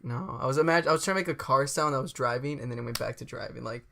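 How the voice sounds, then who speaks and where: A man's voice: mid-range voice, fast talker, creaky, pushed and bright, slight background noise. A man co-hosting a casual comedy podcast, rambling and laughing as he acts out little bits. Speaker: podcast co-host. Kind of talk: casual chat.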